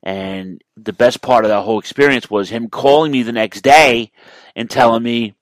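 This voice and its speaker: A man's voice: mid-range voice, normal speed, dry recording. A man in his thirties hosting a podcast, talking in a heartfelt, rambling way with restarts. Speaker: podcast host. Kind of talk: casual chat.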